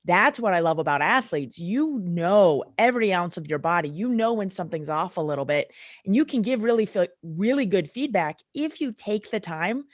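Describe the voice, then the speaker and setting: A middle-aged woman chiropractor, a guest on a casual podcast, tells her stories with animated energy and acts out the people she describes. Her voice sits a little low, and the sound is dry with no room echo. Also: normal speed.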